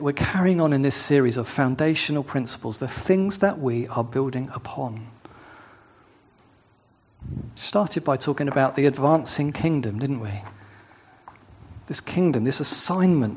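A man's voice: medium pitch, darkish tone, slightly rough. A man preaching a sermon, first reading scripture aloud, then talking it through conversationally with asides and tag questions.

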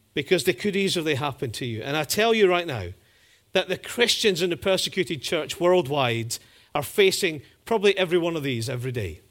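Man, preacher, sermon, slightly high voice, lively, chatty, joking asides. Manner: lively, conversational, with humorous asides. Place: church, in front of a congregation.

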